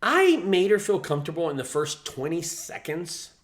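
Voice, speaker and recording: Man, business owner teaching sales, slightly high voice, lively swooping pitch, blunt and profane. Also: moderate pace. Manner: profane, storytelling, animated. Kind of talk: casual teaching talk to camera.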